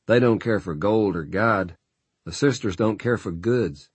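A man's voice: lowish voice, a little slow, breathy edge, no echo. A man reading a weary, fatalistic frontier rider who talks in a rural drawl. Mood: grim. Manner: rural drawl, folksy grammar.

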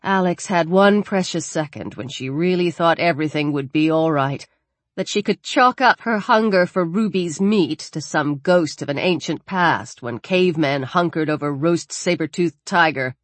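A woman's voice: deep voice, dry recording. Woman narrating a horror audiobook. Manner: measured, dramatic reading.

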